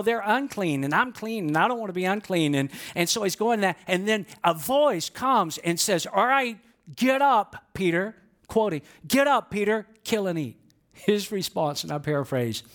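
Animated high-voiced male preacher. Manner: animated, interactive, asks the congregation to respond. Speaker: pastor. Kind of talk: sermon with storytelling.

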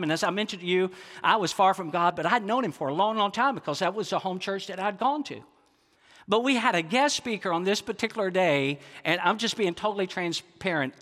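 A pastor preaching a sermon in an earnest, confessional way, often asking the congregation questions. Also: male voice, sits high, pushed and bright, long reverb tail. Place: large church sanctuary.

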